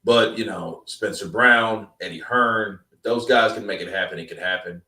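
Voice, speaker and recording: A low-voiced man hosts a live stream, chatting loosely with plenty of slang and tangents. The sound is echoey and comes from a distant mic. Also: normal speed, bright, forceful tone. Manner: loose, rambling, slangy talk. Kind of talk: casual chat.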